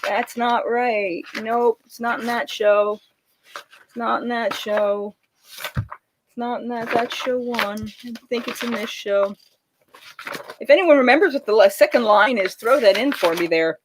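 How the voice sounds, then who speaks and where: A woman's voice: on the high side, unhurried, noisy background. A woman and renaissance faire singer, singing bawdy folk songs and chatting with viewers on a livestream, reading out their comments between songs.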